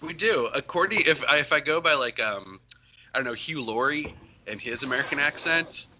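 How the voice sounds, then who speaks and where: Bright-voiced man chatting casually. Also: medium pitch, lively intonation, moderate pace, a little hiss or hum, rough recording. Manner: rambling with many fillers. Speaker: comic writer guest. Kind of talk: casual chat.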